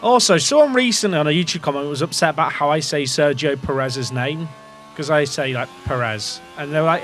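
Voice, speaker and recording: A man's voice: on the high side, lively intonation, brisk, a bit bright, soft background music. A young English man casually commentating a racing management game, rambling and questioning himself as he talks to his chat. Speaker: gaming streamer.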